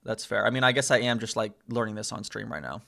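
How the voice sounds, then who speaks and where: A man's voice: fairly low pitch, expressive, fast talker, gravelly, bright, forceful tone. A man streaming live, learning a language and thinking aloud, repeating phrases and correcting himself. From United States. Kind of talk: casual live-stream self-study.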